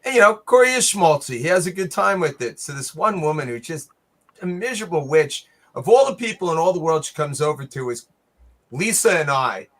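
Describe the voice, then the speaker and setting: A middle-aged man with a slightly raised, bright voice tells a story casually on a radio show. He halts often and fills the gaps with ums and uhs. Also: on the high side, animated, a little fast. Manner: hesitant storytelling with many fillers. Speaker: guest's father.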